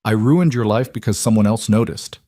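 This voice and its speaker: A cold, controlled crime boss who talks in short, flat sentences, like nothing gets to him, as a man plays him. The voice sits low and the recording is dry and close. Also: fairly quick, dry recording, close to an everyday voice. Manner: flat, clipped, emotionless.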